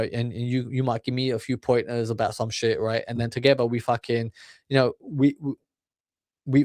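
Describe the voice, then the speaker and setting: Dude swearing nonstop in a rant, lots of like and you know, mid pitch, dry close sound. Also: male voice, darkish tone, no echo. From England. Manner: crude, swearing, repeats filler words. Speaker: commentary channel host. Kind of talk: profane ranting commentary.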